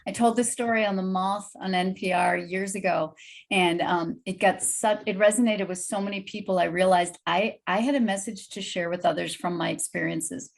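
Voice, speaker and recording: Woman, guest storyteller, animated, slightly gravelly, video call. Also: medium pitch, normal speed.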